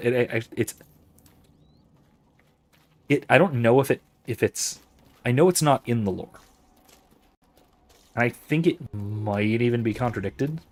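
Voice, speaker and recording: A man hosting a let's-play, reading out chat and thinking aloud about the game's lore, often restarting his sentences. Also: mid-range voice. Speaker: host of a let's-play and discussion series. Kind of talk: livestream commentary while gaming, reading out chat.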